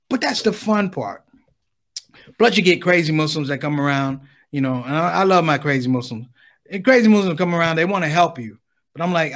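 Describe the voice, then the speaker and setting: A man telling a stand-up comedy story, animated and talking straight to the audience while acting out both sides of every conversation. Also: fairly high pitch, quick pace. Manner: animated, addresses the audience directly, acts out dialogue.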